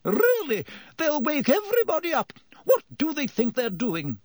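A man voicing a fussy, alarmed older woman who works as a school nurse, shrill and scolding. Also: wildly swooping pitch, moderate pace, darkish tone, dry recording, clean studio sound, heavily acted.

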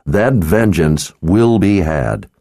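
A grim, determined hero, read by a male audiobook narrator close to his own voice, firm and resolute. His tone is low and dark, and the recording is dry and close. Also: very animated, slow, no echo, exaggerated voice. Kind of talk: audiobook character voice.

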